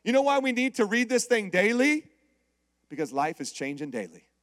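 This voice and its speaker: A man preaching a sermon, telling a story with lively call-outs to the congregation. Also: sits high, moderate pace, no room sound, clean studio sound. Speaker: pastor.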